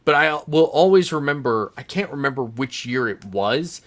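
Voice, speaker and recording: A man with a bright, forceful voice hosts a relaxed sports podcast. He rambles through his thoughts in a chatty way and laughs easily. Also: mid-range voice, normal speed. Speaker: podcast host. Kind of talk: casual sports chat.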